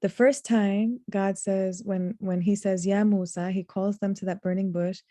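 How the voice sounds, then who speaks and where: A woman teaching a reflective lesson on scripture, earnest and deliberate, drawing out the words she wants to stress. Her voice is mellow and soft-edged. The sound is close and dry. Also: medium pitch, steady tone, dry recording. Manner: earnest, slows to stress key words, recites Arabic verses. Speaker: Quran teacher.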